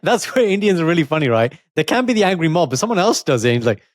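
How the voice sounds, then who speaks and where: A man talks quickly in a lively, up-and-down voice as a podcast co-host. The recording is dry and close. He is animated and chatty. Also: on the high side, no room sound. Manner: animated, puts on voices in retold quotes. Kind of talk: casual chat.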